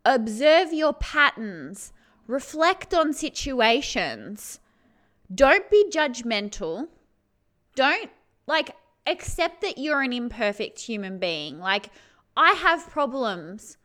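Chatty lady vlogger, kinda high bright voice, curses a lot, keeps going "right?". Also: sing-song, slow. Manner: chatty, swears freely, laughs often, dramatizes feelings. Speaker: vlogger giving self-help advice. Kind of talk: casual direct-to-camera chat.

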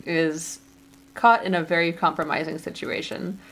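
A woman's voice: fairly low pitch, steady tone, normal speed, fairly bright tone, rough recording. A young woman co-hosting a podcast, chatting with enthusiasm and giggling often. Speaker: podcast co-host. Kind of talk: casual chat.

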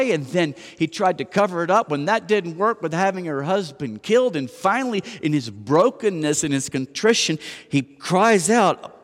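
Male pastor, slightly high voice, casual wry sermon delivery, long sanctuary reverb. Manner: conversational, self-deprecating, rhetorical questions. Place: church sanctuary. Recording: long church hall reverb.

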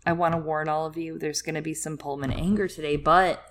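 A woman's voice: low-pitched, fairly even intonation, a little fast. A young woman co-hosting a podcast, chatting animatedly about a book with lots of filler words. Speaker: podcast co-host. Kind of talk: casual book discussion.

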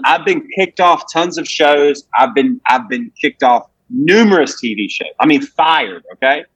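A comedian, telling rambling, profane stories in a casual podcast chat. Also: male voice, mid-range voice, moderate pace, hardly any pauses, a bit bright, no echo, poor audio. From Alabama. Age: 20s. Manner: profane, brash, rambling with restarts. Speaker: comedian guest.

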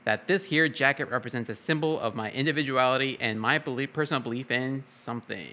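A man's voice: mid-range voice, fast talker, sharp tone. A man co-hosting a podcast in casual chat, easygoing and reading quotes aloud. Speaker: podcast co-host.

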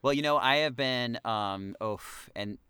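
A man co-hosting a podcast, talking in a rambling, animated way and laughing easily. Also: medium pitch, measured pace, smooth, dry recording. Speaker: podcast co-host. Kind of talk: casual podcast chat.

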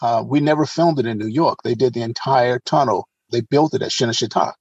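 A man with a husky voice tells animated anecdotes as an interview guest, often restarting his sentences. The sound is slightly muffled and dull. The room is dry and close. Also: mid-range voice, brisk, no room sound. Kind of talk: casual storytelling.

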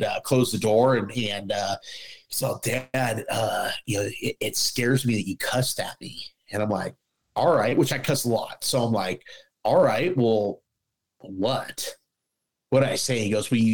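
A man's voice: on the low side, low-quality recording. A middle-aged man talks in a loose, casual podcast chat. He is blunt and swears freely, and he slips into voicing the other people in his stories as he acts out back-and-forth dialogue. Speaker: guest, former police officer.

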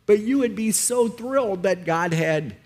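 A man with a fairly high voice speaking as a pastor. His pitch rises and falls a lot, and he talks with enthusiasm and casual, everyday examples. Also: lively intonation, unhurried, darkish tone. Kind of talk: sermon discussion.

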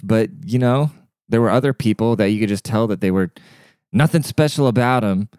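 A man holds forth in a loose, profane and sarcastic rant, like a solo podcast host. His voice sits on the low side for a man. The sound is dry, with no room echo. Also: moderate pace, darkish tone. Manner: crude, sarcastic, swears freely.

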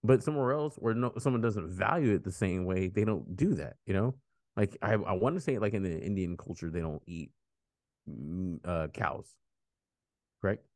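A man's voice: low voice, moderate pace, dry recording. An American man hosting a podcast, chatting casually and rambling through stories with laughs. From United States. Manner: rambling, animated storytelling with laughs. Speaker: podcast host. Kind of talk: casual chat.

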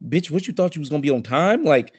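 A man, co-hosting a casual podcast chat and ranting in a profane, animated way. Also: on the high side, quick pace, slightly rough, dry recording. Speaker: podcast co-host.

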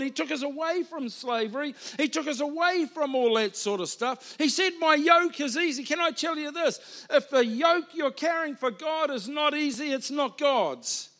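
A high-pitched man preaches a church sermon. He talks like a friend, drifting into asides and then driving points home with emphatic bursts. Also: a bit bright. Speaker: pastor. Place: church hall.

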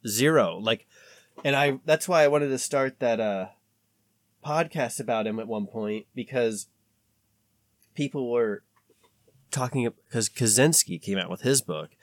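A man's voice: medium pitch, a little slow, pauses often, no room sound. Rambling man with a dry close voice. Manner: rambling, filler-heavy, animated. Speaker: podcast co-host. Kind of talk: casual conversation.

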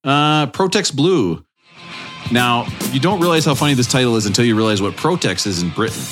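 A man's voice: mid-range voice, expressive, a little fast. A man hosting a casual podcast chat about music, joking and bantering with his co-hosts. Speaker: podcast host.

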